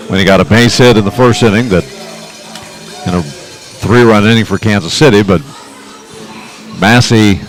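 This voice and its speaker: A man doing play-by-play radio commentary for a baseball game, chatting and reading trivia between pitches. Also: rough recording. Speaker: play-by-play announcer.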